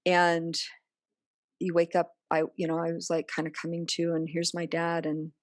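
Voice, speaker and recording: A woman's voice: fairly low pitch, monotone, normal speed, no room sound, studio quality. A woman speaking earnestly as a podcast guest, often acting out remembered dialogue in other voices. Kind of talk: personal interview conversation.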